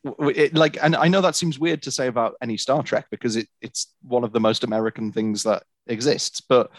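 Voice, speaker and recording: A man's voice: medium pitch, steady tone, brisk, no room sound. A British man chatting casually as a podcast guest, laughing often and self-deprecating. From Britain.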